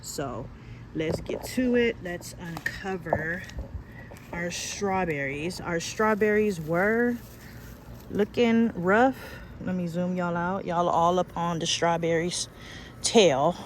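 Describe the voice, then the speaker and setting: A chatty woman from California talks straight to her phone camera as she walks through a store and then her garden. Her talk is folksy and unhurried, full of y'all and asides. Steady background noise runs under the whole recording. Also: lowish voice. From California, USA. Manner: chatty, folksy, calls viewers y'all and child. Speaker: gardening vlogger. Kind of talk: casual vlog chat to camera. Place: store aisles and outdoor garden.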